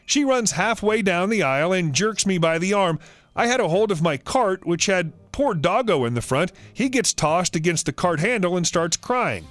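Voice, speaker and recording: A man narrating online first-person stories in a scripted, expressive reading, as the channel's host. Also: high-pitched, normal speed, dry recording, soft background music. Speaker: story narrator.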